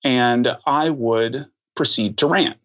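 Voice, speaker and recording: A man answering questions as a podcast guest, talking thoughtfully and pausing often with ums and restarts. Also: mid-range voice, fairly bright tone, lo-fi sound. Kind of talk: conversational interview answers.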